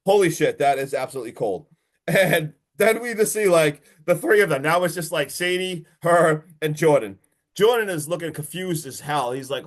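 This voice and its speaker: Podcast co-host, male, slightly high voice, animated and profane, rambling recap. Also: normal speed. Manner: excited, swears a lot, many fillers. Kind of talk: casual movie recap.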